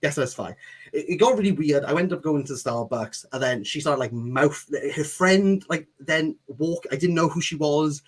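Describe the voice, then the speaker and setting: On a podcast, a man tells a rambling comic story, animatedly acting out the voices of the people in it. His fairly high, slightly breathy voice moves at normal speed with hardly any pauses, in a casual, chatty tone.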